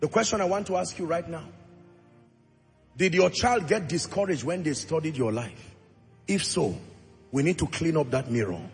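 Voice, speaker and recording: A man preaching a sermon as pastor, acting out short dialogues and rising into shouted prayer. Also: a little high, lively intonation, moderate pace, creaky, pauses often. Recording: music under voice in a large reverberant hall.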